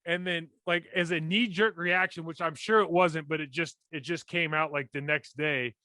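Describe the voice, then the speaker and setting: Animated high-voiced man, dry sound. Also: normal speed, dry recording. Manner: animated storyteller, blunt and rambling. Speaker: former football player and podcast co-host. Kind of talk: casual sports chat.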